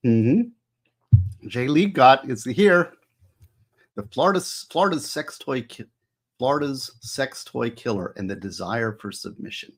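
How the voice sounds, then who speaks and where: A man with a somewhat husky, mid-pitched voice talks casually to his livestream audience. He muses aloud, asks the chat what they think, and weighs their answers as he goes. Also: unhurried. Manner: musing aloud, asking chat for opinions. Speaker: author hosting a livestream.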